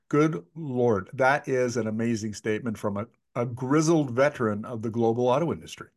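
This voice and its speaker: A man's voice: mid-range voice, normal speed, few pauses, a little mellow. A man in his sixties interviewing a guest in a chatty, anecdotal way, often restarting his sentences. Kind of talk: conversational interview.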